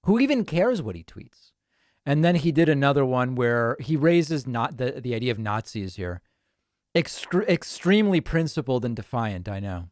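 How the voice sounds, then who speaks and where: A man's voice: medium pitch, big pitch swings, normal speed, a little mellow, no room sound, studio quality. A man hosting a live show, reacting to a video clip with sarcastic, incredulous commentary.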